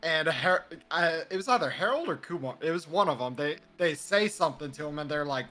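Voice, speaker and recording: A man chatting casually on a live stream, retelling a movie scene in an animated way and laughing often. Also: fairly high pitch, normal speed, soft background music. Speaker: streamer co-host. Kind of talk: casual chat.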